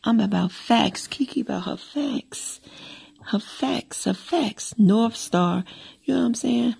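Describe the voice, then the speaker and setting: A woman's voice: a little high, slow pace, gravelly, a little mellow, husky. Playful woman leaving a voice message. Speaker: caller. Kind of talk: voice message to a podcast.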